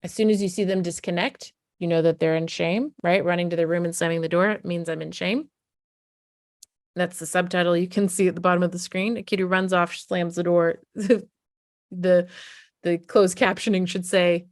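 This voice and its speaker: A woman's voice: on the low side, steady tone, moderate pace, dry recording, studio quality. A woman parenting coach giving casual, emphatic advice and acting out what a parent might say to a child. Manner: conversational and emphatic, acts out what a parent would say. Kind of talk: casual advice talk to camera.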